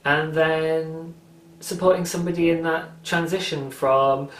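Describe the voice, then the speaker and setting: A man's voice: on the high side, level tone, unhurried. A British man hosting a craft podcast in casual, enthusiastic chat, with frequent ums. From Britain. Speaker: podcast host. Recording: roomy echo.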